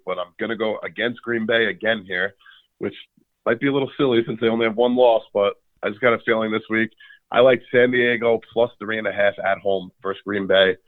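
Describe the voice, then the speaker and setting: A hoarse man who has lost some of his voice, giving sports betting picks in relaxed, thinking-aloud chat. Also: fairly low pitch, no echo. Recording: phone line.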